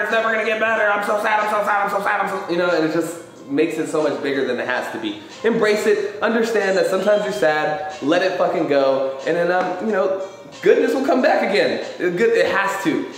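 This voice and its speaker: A man hosting a live question-and-answer show, talking in a loose, animated way about feelings and life and swearing casually. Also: fairly high pitch. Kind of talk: casual motivational chat. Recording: very echoey room.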